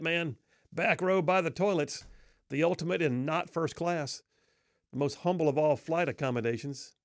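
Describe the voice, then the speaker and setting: A man's voice: on the high side, no room sound, studio quality. A middle-aged man telling a humorous personal story in a wry, self-deprecating, folksy way.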